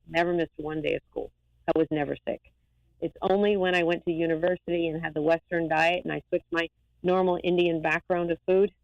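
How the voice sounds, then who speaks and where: A woman eye doctor talking as a guest in a lively, rambling, emphatic way. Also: fairly low pitch, vocal fry, dry recording, muffled recording. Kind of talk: casual interview talk.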